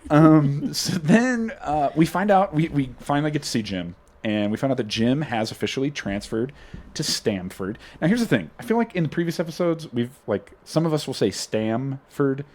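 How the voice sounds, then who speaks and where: A man's voice: fairly high pitch, animated, normal speed, darkish tone. A man hosting a casual podcast, retelling scenes in a rambling way. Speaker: podcast host. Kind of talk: casual recap chat.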